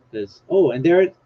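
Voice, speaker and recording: This livestream host has a husky, higher-pitched male voice. He rambles casually, jokes about himself, and reads screen text out loud. The audio is dull and lo-fi, carrying a faint hiss.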